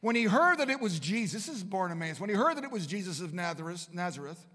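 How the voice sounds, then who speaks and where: A man preaching a sermon to students at a Bible college. He is impassioned and swings between hushed lines and emphatic ones. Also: high voice, very animated, fast. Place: large room at a Bible college. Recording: long hall reverb.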